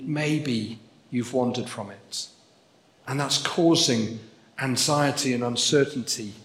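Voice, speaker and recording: A man's voice: a little high, a bit bright. A man preaching a sermon, earnest and building to emphatic repetition. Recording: echoey hall with long reverb.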